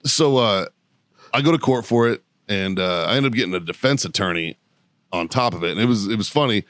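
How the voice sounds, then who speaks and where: A man with a fairly low, fairly bright voice, recorded without echo, appears as a podcast guest and show producer. Laughing a lot, he races through a profane, casual retelling of an anecdote.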